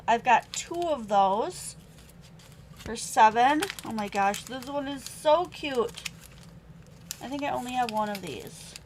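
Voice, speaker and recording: A woman's voice: on the high side, slight background noise, poor audio. Chatty woman selling craft stamps live. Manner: chatty, reads out stamp sentiments and prices. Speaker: online craft sale host. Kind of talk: live-stream sales chat.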